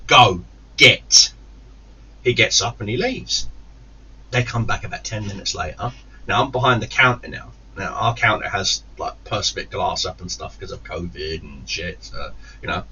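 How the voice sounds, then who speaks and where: A man's voice: lowish voice, a little hiss or hum. A man casually telling a long, profane story to his channel, acting out the people in it. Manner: profane, animated anecdote-telling with acted-out quotes. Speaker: gaming YouTuber. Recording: slightly distant, dull lo-fi sound.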